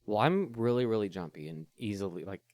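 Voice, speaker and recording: A man co-hosting a podcast in casual chat, telling a story excitedly, with swearing and laughter. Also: lowish voice, a little fast, no echo. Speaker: podcast co-host.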